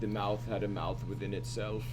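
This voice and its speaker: A man co-hosting a drawing livestream, joking in casual banter and quick with puns. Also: on the low side, level tone, noisy background.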